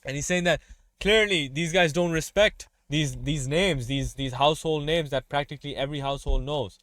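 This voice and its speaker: A man's voice: on the high side, normal speed, fairly bright tone, no echo, studio quality. A man hosting a music reaction, casually breaking down lyrics in loose, run-on asides.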